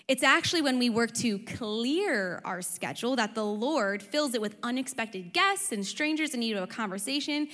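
Woman preaching in a reverberant hall. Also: on the high side. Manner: animated, conversational preaching with rhetorical questions. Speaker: pastor. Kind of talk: sermon. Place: church auditorium. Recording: long reverb of a large hall.

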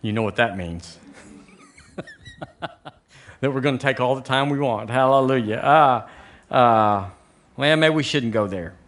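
Southern pastor preaching, bright voice. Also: male voice, medium pitch, measured pace, long pauses. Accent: Southern American. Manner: animated preaching, rising to near-shouted emphasis on scripture; chatty asides and jokes with the congregation. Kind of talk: sermon. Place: church sanctuary.

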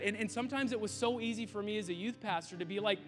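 A man's voice: high voice, quick pace, few pauses, fairly bright tone, soft background music. A youth pastor in his thirties giving a sermon in a tent, talking in an earnest, conversational way with frequent restarts and asides. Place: large tent used as an auditorium.

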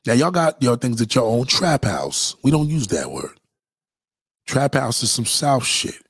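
A man's voice: mid-range voice, a little slow, breathy edge, dry recording. A middle-aged man from New York with a New York accent, talking casually in heavy slang, profane and repetitive. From New York City. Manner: profane, animated, heavy slang, repeats himself. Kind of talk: casual street-talk monologue.

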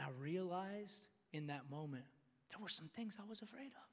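A man preaching a storytelling sermon, animated and emphatic, repeating words and rising to shouts at his peaks. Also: high voice, moderate pace, slight background noise. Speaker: pastor. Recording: long hall reverb.

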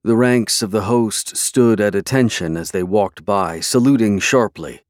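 A man reading scripted narration for an audiobook in a measured, even way. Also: on the low side, no echo, clean studio sound.

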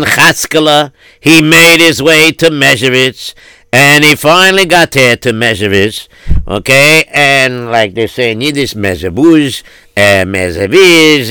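Brief: male comic storyteller, rambling and chatty, with a bright, crisp voice. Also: medium pitch, no echo.

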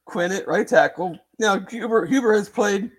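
A man with a high-pitched voice talks at a normal speed. He co-hosts a sports podcast and thinks out loud in casual sports chat, rambling and hedging with lots of fillers and restarts.

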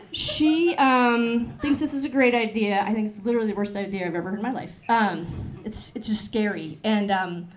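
Rambling young woman doing stand-up. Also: mid-range voice. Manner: rambling, self-deprecating, frequent ums and laughs. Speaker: stand-up comedian. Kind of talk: stand-up comedy set. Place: club stage with audience.

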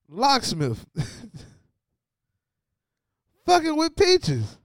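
A man's voice: extremely high pitch, smooth, dry recording, clean studio sound. A man hosting his own show, giving a loose, slangy recap of a TV finale and talking straight to viewers. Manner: loose, slangy and animated, talks to viewers directly. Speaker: show host. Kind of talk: casual TV recap commentary.

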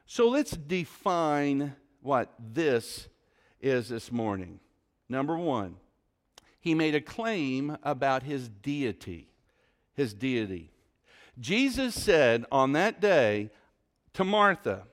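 A male pastor preaching a sermon in a church, emphatic, with rhetorical questions and dramatic pauses. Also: a little high, sing-song. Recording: long hall reverb.

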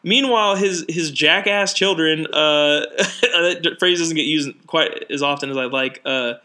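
A man's voice: a little high, bright, forceful tone. A young man co-hosting a podcast, telling rambling stories with lots of fillers in casual chat. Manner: rambling storyteller with many fillers and restarts. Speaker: podcast co-host.

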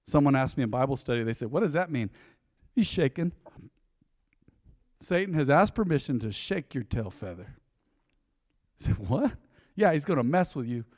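A man's voice: medium pitch, lively intonation, normal speed, pauses often, darkish tone, no room sound, studio quality, big-room sound. A man preaching a sermon as a pastor, folksy and conversational, often acting out little back-and-forth dialogues.

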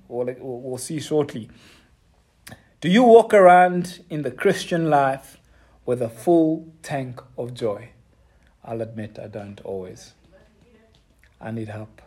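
Male pastor, earnest, halting sermon delivery, warm mellow voice. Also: fairly high pitch. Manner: earnest, halting, with many fillers and restarts. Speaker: preacher.

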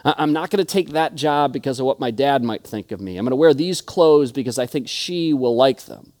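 A man's voice: mid-range voice, animated, fairly quick, darkish tone. A young adult man preaching a sermon, telling stories earnestly and often restarting his words. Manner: earnest storytelling with repeated restarts. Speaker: pastor.

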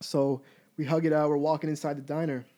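A man in his twenties telling a story in a casual, candid and profane way, animated as he goes. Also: a little high, a little fast. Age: 20s.

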